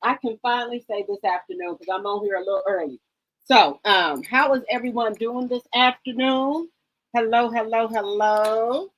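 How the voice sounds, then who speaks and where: Female live-stream host with a fairly high voice, chatty and gossipy, who warmly greets her chat by name. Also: moderate pace, low-quality recording. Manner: chatty, greets viewers by name with repeated hellos; gossipy and excitable.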